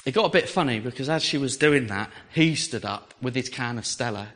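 An English man preaching, telling a personal story with lively, animated delivery and acting out the voices he quotes. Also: medium pitch, fairly quick. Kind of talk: storytelling sermon.

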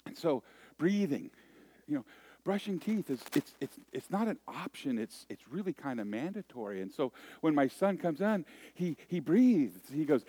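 A man's voice: mid-range voice, a little mellow. Joking, folksy middle-aged preacher man. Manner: folksy, joking, with conversational asides and restarts. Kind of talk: sermon. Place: church worship service.

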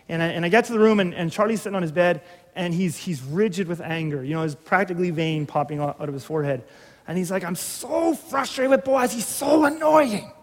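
A middle-aged man preaching a sermon, telling a story in a conversational, humorous way with many restarts. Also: high voice. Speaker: pastor. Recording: reverberant hall.

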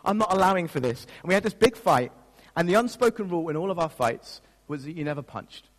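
Preaching in a church, a man pastor tells a personal story in a self-mocking way, laughing at himself. His voice sits high with lively intonation and a fast pace, and the church hall's long reverb fills the recording.

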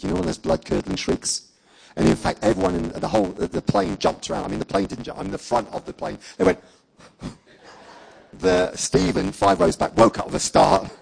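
A man preaching and telling a personal testimony as a story, acting out the dialogue with lively energy and laughing along. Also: on the high side, brisk, creaky, low-quality recording.

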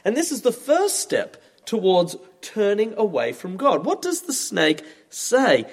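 A man in his thirties preaching a sermon, conversational and expressive. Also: high-pitched, unhurried. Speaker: pastor. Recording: long reverb from a large hall.

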